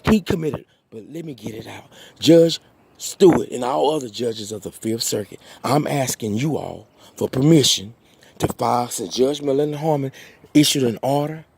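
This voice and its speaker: A distraught man pleading to a judge in an agitated, halting appeal full of restarts. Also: mid-range voice, creaky, a little mellow, husky. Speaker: petitioner addressing a judge. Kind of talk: impassioned video appeal.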